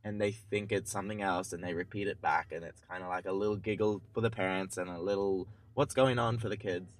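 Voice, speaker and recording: A man's voice: low-pitched, steady tone, low-quality recording. A man co-hosting a casual chat podcast, easygoing and agreeable. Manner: easygoing, agreeable, quick to laugh. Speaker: podcast co-host.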